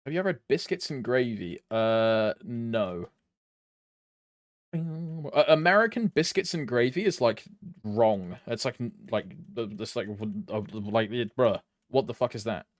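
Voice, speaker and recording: Young British male streamer, casual chatter with lots of pitch movement, dry close sound. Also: lively intonation, unhurried, no echo. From Britain. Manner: rambling, swears casually, chats with viewers while playing. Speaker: game streamer. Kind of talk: casual live-stream chat.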